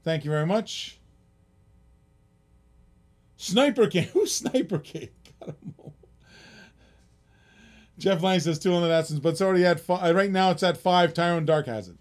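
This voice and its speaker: A man's voice: high voice, lively intonation, normal speed, long pauses. A middle-aged man hosting a live-stream auction in casual, rambling chatter, often chuckling and reading out bids.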